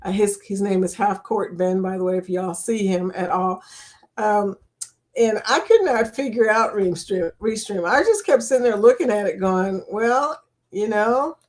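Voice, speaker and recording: A woman's voice: mid-range voice, measured pace. An older woman hosting a live chat stream, reading out viewer comments in a chatty, teasing way and laughing often.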